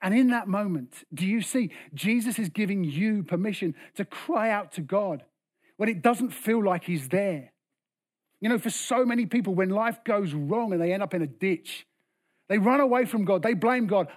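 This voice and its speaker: A man preaching a sermon with passion, rising to loud bursts and dropping to hushed lines. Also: high voice, animated, moderate pace. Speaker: pastor.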